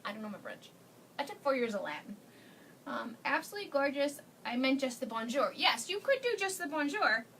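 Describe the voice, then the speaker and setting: A woman's voice: high-pitched, big pitch swings, fairly quick, fairly bright tone, distant mic, slight background noise. A woman hosting a casual live craft demo, chatty and gushing, laughing often as she talks to viewers. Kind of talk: casual live-stream chat.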